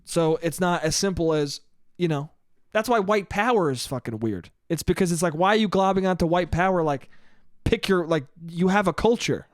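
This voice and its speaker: A young American man riffs alone into the mic in a loose, swearing, rambling way, breaking into laughter now and then. His voice sits a bit high for a man. The sound is dry and close, with no room around it. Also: expressive, normal speed, no echo. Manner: rambling, profane, laughs often. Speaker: podcast host. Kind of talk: solo casual monologue.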